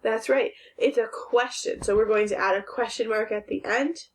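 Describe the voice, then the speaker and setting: Slow-spoken woman teaching children. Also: on the high side. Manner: slow, clear teacher voice, praising and asking questions. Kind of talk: phonics and grammar lesson for young children.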